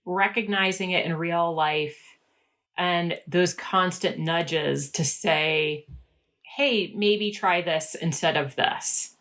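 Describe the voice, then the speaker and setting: A woman guest on a podcast interview, speaking in an earnest, measured way. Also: fairly low pitch, a bit bright. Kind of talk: conversational interview.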